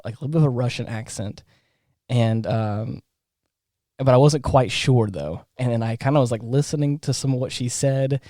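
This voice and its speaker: A man co-hosts a podcast and tells a story at a relaxed, meandering pace, leaning on fillers and false starts. His pitch sits in an ordinary middle range. The recording is dry and close, with no room sound. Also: no echo. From Southern United States. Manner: rambling, with many fillers and restarts. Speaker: podcast co-host. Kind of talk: casual storytelling chat.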